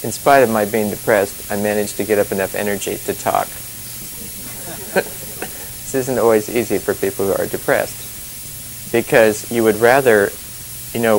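Speaking in a fairly low voice, a male meditation teacher delivers an informal dharma talk full of chuckles and "you know" and "you see?" check-ins. His speech is chatty and rambling, drifting off and starting over. A faint hiss runs under the low-quality recording.

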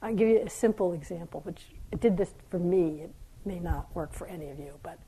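A woman teacher speaks gently and reflectively in a dharma talk, her tone mellow and dark. Her voice is a little breathy and husky, and at times it sinks to a soft near-whisper. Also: fairly low pitch, fairly quick, rough recording. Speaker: meditation teacher. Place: meditation hall.

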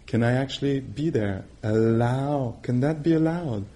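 A man's voice: mid-range voice, measured pace. Conversational male meditation teacher. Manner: warm, conversational, laughs often, acts out quoted voices. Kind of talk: dharma talk.

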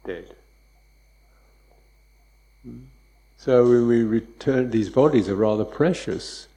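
A man teaching meditation in a loose, conversational dharma talk, wry and quick to laugh, checking in with "yeah?". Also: medium pitch, warm tone, low-quality recording. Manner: wry, laughs often, mimics hurried speech and beeps.

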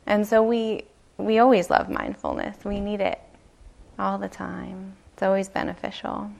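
Woman, meditation teacher, dharma talk, unhurried, soft pauses, gravelly. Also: medium pitch, big pitch swings. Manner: slow, gentle storytelling with soft pauses. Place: retreat meditation hall.

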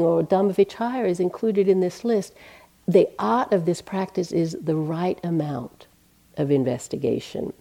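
A woman gives a dharma talk as a meditation teacher, her voice low-set and mellow. She speaks gently and conversationally, often saying "you know".

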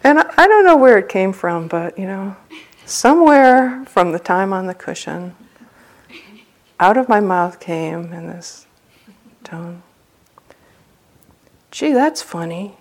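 A woman's voice: medium pitch, animated, measured pace. A woman meditation teacher giving a dharma talk at a retreat center, telling a personal story in a humorous, loose, conversational way.

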